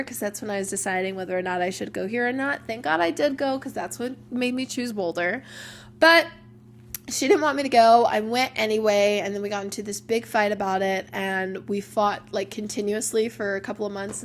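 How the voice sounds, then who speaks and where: A woman's voice: mid-range voice, slight background noise. A young woman hosting a casual personal podcast, talking openly and emotionally with lots of "like" fillers. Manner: chatty, open and emotional, many "like" fillers. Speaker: podcast host.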